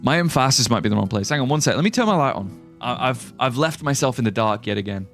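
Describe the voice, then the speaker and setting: A man's voice: mid-range voice, expressive, fast, gravelly, fairly bright tone. Young guy streaming a game, chatty and rambly, voice bounces up and down a lot, faint music under him. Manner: chatty, rambling, reads chat aloud and jokes. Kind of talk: casual live-stream gameplay commentary.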